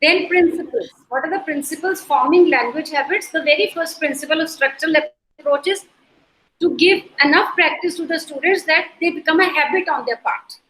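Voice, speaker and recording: High-voiced Indian woman teaching online. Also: fairly quick, fairly bright tone, slight background noise. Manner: explains with repeated examples and checks understanding. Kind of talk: online lecture mixing in Hindi. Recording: echoey room.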